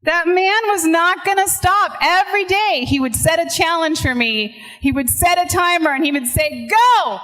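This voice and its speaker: A woman's voice: very high voice, moderate pace, few pauses, fairly bright tone. A woman from Puerto Rico giving an emphatic, emotional inspirational speech on stage. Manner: emphatic and emotional, quoting others dramatically. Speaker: motivational speaker. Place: large hall before an audience. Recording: echoey hall with long reverb.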